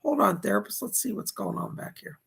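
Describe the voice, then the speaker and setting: Gravelly husky-voiced male psychic medium. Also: sits high, lively intonation, fairly quick, pushed and bright. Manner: relays spirit messages with repeated "he said"; reads viewer donations aloud with thanks. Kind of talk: live psychic readings.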